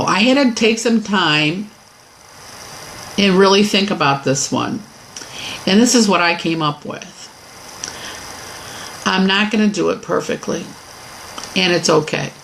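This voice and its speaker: A woman's voice: mid-range voice, vocal fry, fairly bright tone, slight background noise, poor audio. A middle-aged woman teaching a Christian weight-loss lesson, speaking candidly and encouragingly about her own progress. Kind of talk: personal faith-based lesson.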